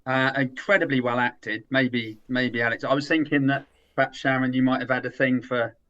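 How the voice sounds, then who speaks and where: A man's voice: medium pitch, flat delivery, moderate pace, fairly bright tone. Rambling, teasing man on dull lo-fi audio. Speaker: podcast co-host. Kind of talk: casual film review chat.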